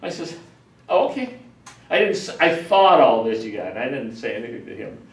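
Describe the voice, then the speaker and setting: An older man telling a personal story in a rambling, animated way, acting out the voices of people he quotes. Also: medium pitch, moderate pace. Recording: roomy, distant mic.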